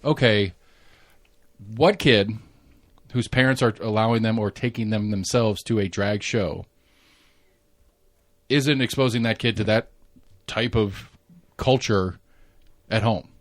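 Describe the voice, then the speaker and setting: A man's voice: on the low side, slow, pauses often, no room sound. A man with a Southern US accent, hosting a casual podcast chat, rambling and swearing with many restarts. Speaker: podcast host. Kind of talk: casual conversation.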